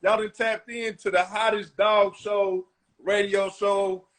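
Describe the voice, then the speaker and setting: A man's voice: high voice, level tone, takes it slowly, a bit bright. A man hosting a live podcast in a loose, slangy way, calling out viewers and friends. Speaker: podcast host. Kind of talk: casual live-stream chat.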